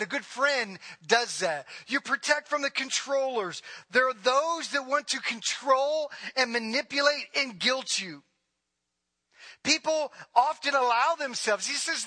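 A man's voice: high voice, sharp tone. A middle-aged male pastor preaching a sermon in a church, mixing joking asides with emphatic, rising preaching.

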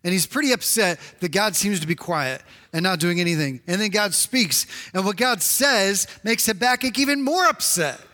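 Pastor, man, 50s, high bright voice, animated sermon in a reverberant church hall. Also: normal speed, hardly any pauses. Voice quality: animated, many restarts and fillers. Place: church sanctuary.

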